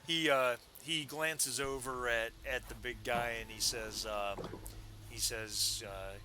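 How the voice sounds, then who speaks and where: A man narrating as game master of a tabletop game, rambling with many pauses and restarts. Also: mid-range voice, fairly even intonation, noisy background.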